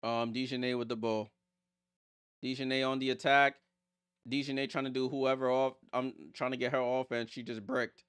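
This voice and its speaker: Man, live play-by-play streamer, smooth resonant voice, dry close sound, blunt and teasing. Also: mid-range voice, flat delivery, normal speed, a bit bright, dry recording. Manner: reads viewer comments aloud and answers them; blunt, teasing remarks about players. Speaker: watchalong streamer and commentator. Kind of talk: casual live play-by-play commentary.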